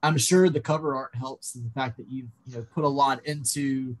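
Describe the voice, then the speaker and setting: A man's voice: mid-range voice, moderate pace, rough recording. A man, hosting a casual interview as a book blogger and asking long, conversational questions. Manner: relaxed, conversational, asks long rambling questions. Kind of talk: casual video-call interview.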